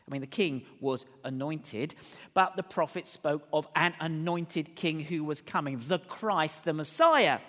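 A middle-aged man preaches in a hall where his voice rings out with a long echo. He speaks high and with wide, lively swings in pitch. He moves from ringing, emphatic declarations to quieter, conversational stories. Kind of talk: sermon.

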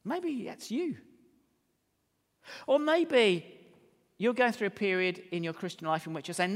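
Middle-aged british guy preaching, high voice going all over the place, big echoey hall. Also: animated, a little slow, pauses often. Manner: emphatic, swings between loud declaring and quiet storytelling. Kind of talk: sermon. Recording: long reverb of a hall.

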